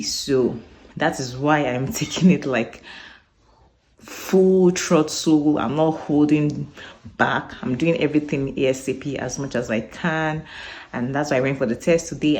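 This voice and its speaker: A woman's voice: deep voice, a little mellow. A woman in her thirties with a Nigerian accent, chatting casually to a phone camera as a vlogger and thinking aloud. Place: outdoors on a busy street, later at home. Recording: street traffic noise behind.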